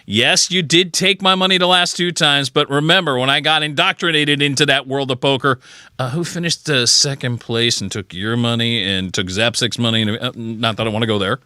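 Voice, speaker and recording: Male podcast host, enthusiastic, keeps chiming in, bright forward tone, dry close studio mic. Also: medium pitch, brisk, no echo. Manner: enthusiastic, chimes in often. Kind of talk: casual interview chat.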